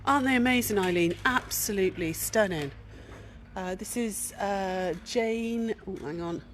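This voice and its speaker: A middle-aged woman hosting a casual walk-around vlog at a quilt show, chatty and gushing, dropping to hushed admiration. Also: medium pitch, measured pace, slight background noise. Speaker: craft shop host showing a quilt show. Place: large indoor exhibition hall.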